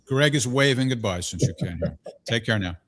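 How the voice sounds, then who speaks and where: A man's voice: mid-range voice, expressive, fairly quick, fairly bright tone. A man hosting a call-in talk show, chatty and easygoing with a bemused streak. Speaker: host. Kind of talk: casual talk show chat.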